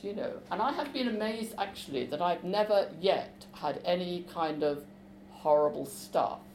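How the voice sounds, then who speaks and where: A woman author talking about her visits to schools, lively and chatty. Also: fairly low pitch, moderate pace, echoey room, slight background noise, poor audio. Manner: lively, chatty, with fillers and restarts. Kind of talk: talk with a book reading.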